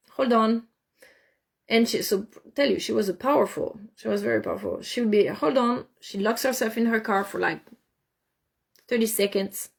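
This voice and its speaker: A woman telling a story in casual talk, animated, often repeating and restarting words. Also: mid-range voice, creaky, breathy edge.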